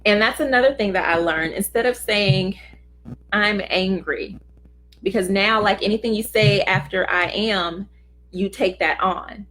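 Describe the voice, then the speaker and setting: A woman's voice: medium pitch, measured pace, fairly bright tone. A middle-aged woman hosting a casual motivational talk, speaking earnestly and conversationally and acting out short quoted remarks. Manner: earnest, conversational, acts out little quoted voices. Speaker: host of a self-help talk.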